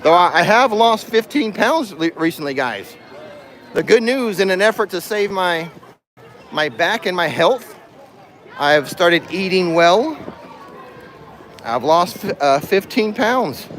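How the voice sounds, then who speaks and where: A man's voice: high-pitched, big pitch swings, measured pace, pauses often, a bit bright, a little hiss or hum. A man hosting a casual livestream while walking through a theme park, joking and laughing at his own jokes. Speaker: livestream host. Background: music and crowd in the background.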